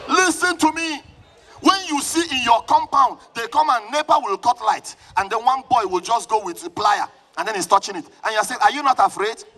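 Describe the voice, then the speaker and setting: A man with a Nigerian accent preaches at a very high pitch. He drives his sermon with fervor, shouting and calling back to the congregation. The delivery is a live church sermon. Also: moderate pace. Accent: Nigerian English. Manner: fervent, often shouting, calls on the congregation to respond. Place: church service.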